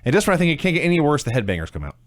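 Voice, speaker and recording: A man's voice: a little high, very animated, racing. A man co-hosting a casual podcast, recapping wrestling events in a matter-of-fact way with dry humor. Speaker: podcast co-host.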